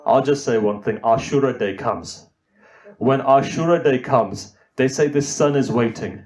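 A man's voice: medium pitch, measured pace, a little mellow. A middle-aged man preaching an emotional sermon, telling a mournful story and pleading with his listeners as his voice rises. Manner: rising, grief-laden storytelling, pleading with the audience. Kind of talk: emotional majlis sermon recitation.

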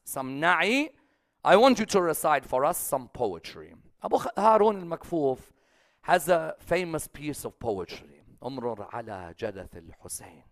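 A man's voice: a little high, no room sound, clean studio sound. A man giving a sermon, speaking emphatically, repeating phrases rhythmically and putting questions to his listeners. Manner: emphatic, rising to loud peaks then dropping soft. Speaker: speaker at a religious gathering.

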